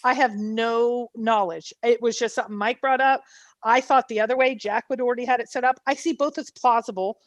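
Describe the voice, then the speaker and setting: A woman hosting a casual online panel, her voice sitting a little high. She tells rambling, laugh-filled anecdotes. The sound is dry and close. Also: fairly even intonation, fairly quick, dry recording. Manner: chatty storytelling with laughs. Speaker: panel host.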